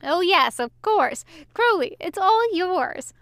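A woman's voice: extremely high pitch, sing-song, slow pace, fairly bright tone, dry recording, studio quality, voice pushed up, heavily acted. A woman voicing a drunk, gleeful male angel who teases with cackling glee, in a fan fiction audiobook. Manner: laughing, gleeful teasing.

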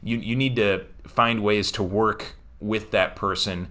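A man co-hosts a podcast in casual chat. His voice sits somewhat low, with a bright, forceful edge. He speaks earnestly and gives advice to listeners. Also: steady tone, unhurried. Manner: earnest, advising, cautious. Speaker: podcast co-host.

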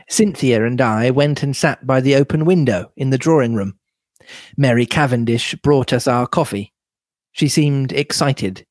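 A man reading a novel aloud in a measured, steady manner. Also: medium pitch, no echo, clean studio sound. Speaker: reader.

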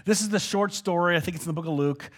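A man preaching a casual sermon in a church hall, acting out quoted dialogue as he talks. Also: fast. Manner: conversational, acts out quoted dialogue with swings in pitch and volume. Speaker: pastor.

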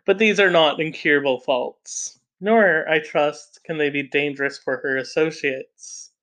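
A man reading the lines of a dignified, stern head of household in a measured, formal way. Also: fairly high pitch, fairly bright tone. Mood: grave.

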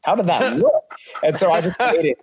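A man's voice: high-pitched, very animated, a little fast, creaky, darkish tone, slightly rough. A man in his thirties, a professional wrestler guest, casually telling a story, swearing freely and acting out the quotes.

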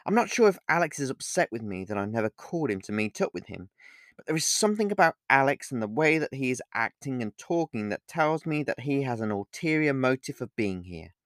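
A man's voice: mid-range voice, no room sound, clean studio sound. A man narrating his own novel in the first person as an audiobook. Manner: first-person storytelling with lively inflection.

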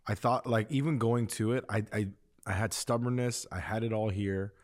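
A man co-hosting a podcast, speaking earnestly and a little haltingly about personal faith. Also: on the low side, steady tone. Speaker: podcast co-host. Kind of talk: casual faith conversation.

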